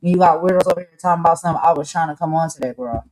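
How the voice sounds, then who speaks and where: Jersey woman ranting casually, low pitched and mellow, real sassy. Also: very fast, rough recording. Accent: New Jersey. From Camden, New Jersey. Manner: blunt, sassy, slangy and animated. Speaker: host. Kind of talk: casual chat.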